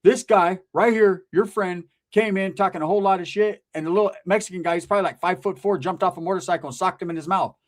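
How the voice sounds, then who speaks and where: A man's voice: high voice, quick pace, few pauses, voice pushed up, close to an everyday voice. A man doing a blunt chicken-shop counter guy. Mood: teasing. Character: blunt male fast-food counter worker.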